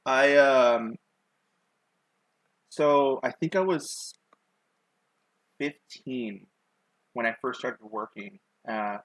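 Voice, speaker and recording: A man's voice: medium pitch, no echo, low-quality recording. A young male streamer chatting while he sketches, on a dry, close mic. He tells stories in a loose, rambling way, packed with "like" fillers, and he pokes fun at himself as he goes. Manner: rambling, with many "like" fillers and self-mocking asides. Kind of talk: casual storytelling while drawing on a live stream.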